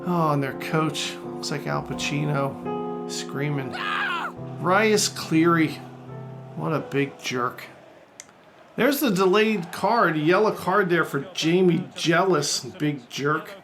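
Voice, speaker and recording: A man commentating on his own football video game like a jokey sportscaster, getting loud and excited during attacks and saves. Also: a little high, slow pace, gravelly, over music. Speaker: gaming YouTuber. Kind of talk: let's-play commentary.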